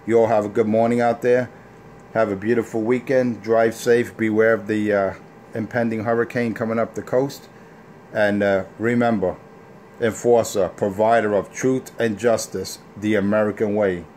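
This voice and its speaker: A low-voiced man in a loose, boastful morning rant, trash-talking and bragging. His voice sits deep, and there is a faint hiss behind him. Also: level tone, moderate pace, a little mellow. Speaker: CB radio operator ranting on air.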